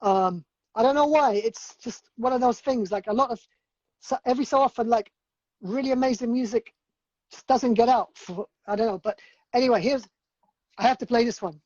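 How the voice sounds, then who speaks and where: A man's voice: very high-pitched, normal speed, darkish tone, dry recording. Man chatting loosely over a dull stream. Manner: rambling, filler-heavy storytelling. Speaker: DJ and producer. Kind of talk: casual livestream chat. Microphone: video call.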